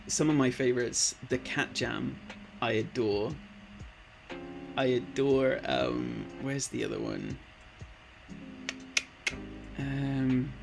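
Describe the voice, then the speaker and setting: A man in his late twenties hosts a relaxed live stream with a gravelly, fry-edged voice. He talks slowly and rambles, reading viewer messages aloud and calling people "man" and "bud." Music plays steadily in the background. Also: medium pitch. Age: late 20s. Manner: laid-back, rambling, reads chat aloud, calls people man and bud. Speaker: Twitch streamer. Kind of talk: casual live-stream chat.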